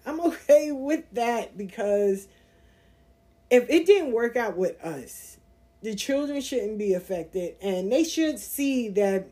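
A woman hosting a podcast, telling a personal story in a casual, animated way and acting out the voices of the people in it. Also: on the high side. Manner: animated, acts out voices in her anecdotes. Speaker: podcast host.

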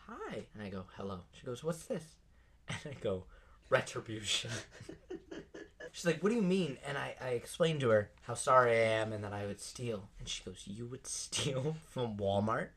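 A young man hosting a podcast, telling a story in a casual, animated way and laughing often. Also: mid-range voice. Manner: animated, laughing often, acts out quoted voices. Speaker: podcast host. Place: podcast studio.

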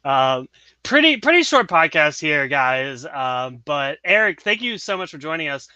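A man hosting a casual podcast, joking around and laughing between quick asides. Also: a little high, very animated, sharp tone, smooth, dry recording. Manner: laughing, quick asides, self-mocking jokes. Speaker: podcast host. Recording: dull lo-fi audio.

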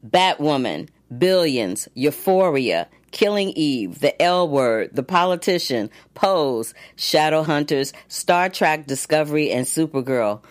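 A woman's voice: low-pitched, lively intonation, slow, few pauses. A woman actress hosting casual entertainment news, chatty with many fillers and restarts as she reads long lists of nominees.

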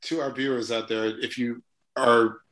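A man's voice: mid-range voice, little pitch movement, moderate pace, a bit bright, close to an everyday voice, rough recording. A man playing an entertainment TV presenter, addressing the viewers in an announcer manner. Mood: presenting.

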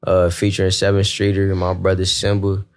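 A man's voice: sits low, monotone, moderate pace. A man guest on a casual podcast, laid-back and repeating his phrases. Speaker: guest rapper.

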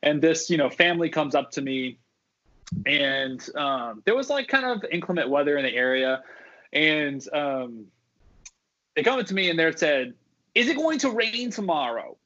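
A man's voice: fairly high pitch, expressive, moderate pace, pushed and bright, muffled recording. Rambling man telling work stories. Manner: rambling, many fillers and restarts. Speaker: guest, former theme park custodian. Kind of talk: casual podcast storytelling.

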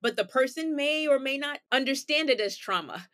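A woman's voice: sits high, lively intonation, normal speed, pushed and bright. A woman therapist, a guest on an interview podcast, patiently explaining ideas with everyday examples and rhetorical questions.

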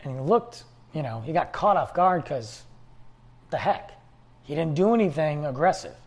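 A man's voice: a little high, animated, normal speed, a little mellow, husky. A man hosting a podcast, rambling along in casual conversational storytelling. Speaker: podcast host. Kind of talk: casual solo talk.

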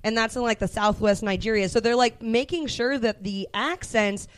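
A woman's voice: on the high side, normal speed, dry recording. A woman co-hosting a casual film podcast, chatty and laughing as she explains comic lore. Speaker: podcast co-host.

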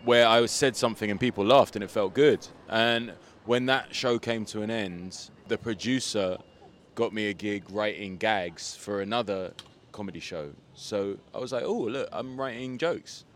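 A man with a lowish voice chats easily in an interview, recalling his career in a relaxed, meandering way full of "like" fillers. He is recorded outdoors on a street, with faint traffic sounds behind him. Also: moderate pace. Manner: relaxed storytelling, frequent "like" fillers. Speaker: guest, comedian and rapper. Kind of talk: casual interview chat.

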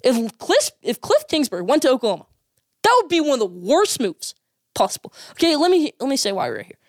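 A woman's voice: high-pitched, wildly swooping pitch, brisk, dry recording, studio quality. A woman giving opinionated college football commentary as a sports vlogger, emphatic and repeating her points for effect.

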